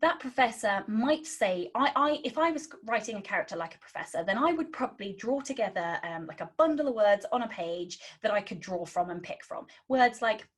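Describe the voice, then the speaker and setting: A woman's voice: medium pitch, expressive, brisk, few pauses, breathy edge. A British woman giving a webinar lesson on writing, cheeky and sarcastic in tone, with lots of ums. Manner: says um a lot. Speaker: writing instructor.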